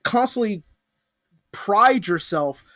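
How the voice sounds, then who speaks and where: A man's voice: high-pitched, animated, takes it slowly, bright, forceful tone, dry recording, studio quality. A man co-hosting a podcast in casual chat, rambling and swearing with many restarts. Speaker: podcast co-host.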